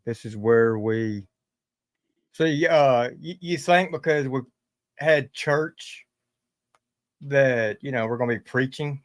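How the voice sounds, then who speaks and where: A man hosts a livestream in plain casual talk. He stumbles and restarts his sentences and pushes back defensively. His voice sits at a middling pitch and sounds dry, with no room around it. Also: takes it slowly, pauses often, no room sound. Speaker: livestream host.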